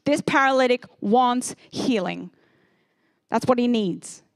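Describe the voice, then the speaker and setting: A woman preaches with a high, bright voice, telling stories with lively energy. The sound is close and dry. She slips into the voices of the people in her stories. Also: takes it slowly, gravelly, no room sound. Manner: animated storyteller, acts out characters. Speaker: pastor. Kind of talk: sermon.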